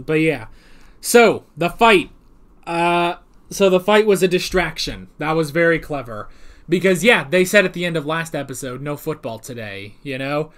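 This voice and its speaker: A man's voice: a little high, fairly bright tone. A man giving a casual, rambling episode commentary with a self-deprecating manner. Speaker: TV show recap vlogger.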